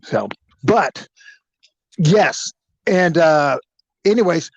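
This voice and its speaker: A man with a slightly high voice tells his old police stories in an easy, chatty way. He acts out the people he quotes with lively voices, and the sound is dry and close. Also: takes it slowly, gravelly, husky, no room sound, rough recording. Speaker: storyteller, former police detective. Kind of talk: casual spoken storytelling.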